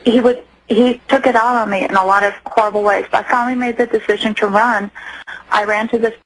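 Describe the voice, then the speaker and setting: A woman's voice: fairly high pitch, steady tone, low-quality recording. A middle-aged woman telling her personal story earnestly as a radio interview guest, often stopping and restarting. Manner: earnest, acts out quoted voices, halting restarts. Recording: radio broadcast.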